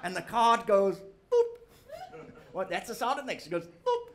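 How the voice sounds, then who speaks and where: A man's voice: high voice, fairly quick, fairly bright tone. A man playing a cheeky, wisecracking male puppet with a South African accent in a live stand-up routine, with audience laughter behind. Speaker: ventriloquist puppet comedian. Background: crowd laughter.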